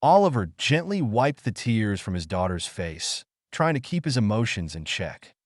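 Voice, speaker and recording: This is scripted, dramatic narration of a melodramatic audio tale by a man whose pitch rises and falls in a lively way. The pace is normal, and the close, dry recording has no room sound.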